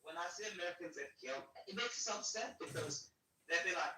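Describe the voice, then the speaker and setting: A man's voice: on the high side, lively intonation, fast, bright, forceful tone, slight background noise. A man speaking as a guest on a podcast, heated and repetitive, swearing heavily. He is recorded in an echoey room with the mic at a distance. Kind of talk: profane political podcast chat.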